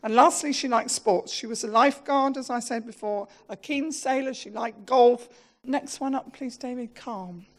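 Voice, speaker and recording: Animated woman giving a eulogy. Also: a little high, normal speed. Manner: animated, self-mocking storytelling with laughs. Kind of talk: funeral eulogy.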